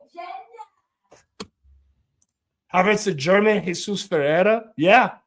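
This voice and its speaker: A man's voice: a little high, lively intonation, measured pace. A man hosting a live watch-along stream, giving casual commentary in a profane, ranting, mocking way.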